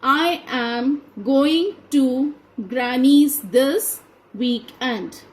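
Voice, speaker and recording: A woman teacher gives a grammar lesson in a high voice. She reads each example sentence deliberately and at an unhurried pace. Then she names what kind of sentence it is. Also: poor audio. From India. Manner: slow, deliberate, spells out each answer. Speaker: school teacher. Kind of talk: grammar lesson read aloud to a class.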